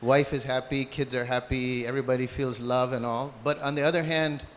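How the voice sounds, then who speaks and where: A man's voice: medium pitch, flat delivery, fairly quick. A man in the audience asking a hesitant question, thinking aloud as he goes. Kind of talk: question from the floor. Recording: hall reverb with faint room noise.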